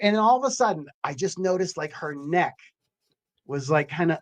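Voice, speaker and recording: Higher-voiced man telling animated stories. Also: moderate pace. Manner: animated storyteller, acts out quotes. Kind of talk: casual chat.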